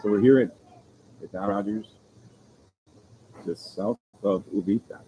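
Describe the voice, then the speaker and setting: A man with a deep, warm voice chats casually on a live stream from an outdoor seaside restaurant. He rambles easily and talks straight to his viewers. Faint insect sounds hum in the background. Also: measured pace, rough recording. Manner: relaxed, rambling, chatting with viewers. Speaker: vlogger hosting a live stream. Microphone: phone camera.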